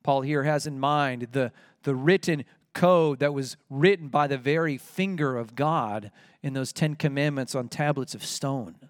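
A man's voice: medium pitch, measured pace, no echo, clean studio sound. A man preaching a sermon, emphatic and rising when he reads out scripture. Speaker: pastor.

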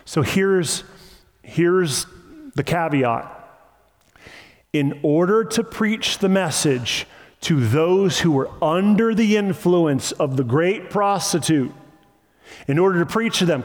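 A man's voice: a little high, animated, slow pace. A man preaching an impassioned sermon with emphatic repetition, recorded in a church sanctuary. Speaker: pastor. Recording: long hall reverb.

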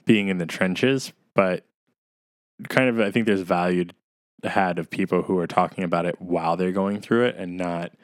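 Male podcast host, fairly low voice, dry sound, lively storyteller. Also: moderate pace, no room sound. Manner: animated storyteller, quotes others, laughs easily. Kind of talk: casual chat.

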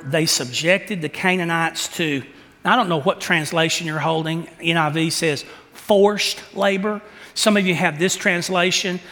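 A man preaching a sermon, asking the congregation rhetorical questions and acting out quotes with animated delivery. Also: on the high side, long reverb tail. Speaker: pastor.

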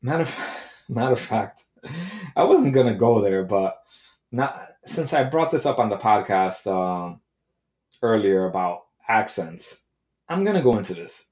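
Brash, profane man with a lowish voice. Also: lively intonation, measured pace, darkish tone, reverberant. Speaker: podcast host. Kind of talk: comedic monologue.

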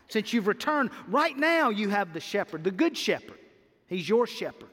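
A man's voice: sits high, big pitch swings, moderate pace, fairly bright tone. A man preaching a sermon with emphatic delivery, repeating key words and rising on his refrains. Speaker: pastor. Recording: hall reverb.

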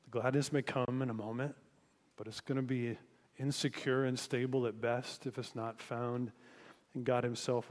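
A man's voice: medium pitch, little pitch movement, normal speed, a little mellow, big-room sound. A man preaching a sermon as pastor, in a conversational way, asking listeners reflective questions.

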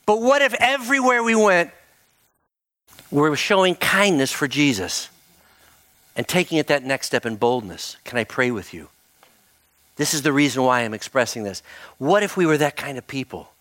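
With a fairly high voice at normal speed and frequent pauses, a middle-aged pastor preaches by telling a funny story about himself, poking fun at himself with laughs before leading into prayer. The storytelling sermon is animated, and there's no room sound.

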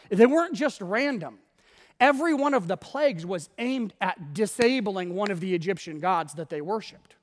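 A man's voice: sits high, expressive, normal speed. A man preaching a sermon as pastor, telling the story with animation and acting out the quotes. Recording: long reverb of a large hall.

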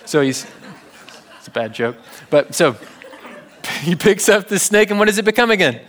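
Male preacher, conversational sermon delivery with humor, slightly higher-pitched. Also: sing-song, moderate pace, fairly bright tone, some chatter behind. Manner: conversational, jokes with the congregation.

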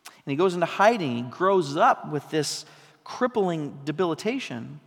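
A pastor preaching a sermon in a conversational style, asking the congregation questions and building to emphatic peaks. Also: male voice, fairly high pitch, big pitch swings, normal speed, vocal fry, fairly bright tone. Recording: long hall reverb.

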